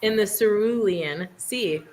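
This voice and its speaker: A woman co-hosting a casual reading livestream over a video call, telling a story in an animated, teasing way. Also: medium pitch, slow pace. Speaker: guest co-host of a reading livestream. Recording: noisy audio with clicks.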